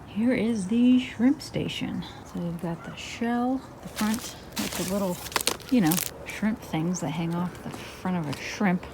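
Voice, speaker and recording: Woman, mid pitch, casual craft vlogger, rambling and self-deprecating, faint hiss behind. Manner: chatty, rambling, self-mocking with little laughs. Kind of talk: casual DIY craft vlog.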